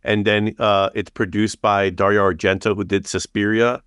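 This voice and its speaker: A man's voice: on the low side, flat delivery, normal speed, a bit bright, clean tone, dry recording, clean studio sound. A man co-hosting a casual podcast chat, rambling with fillers and acting out little quotes. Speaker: podcast co-host.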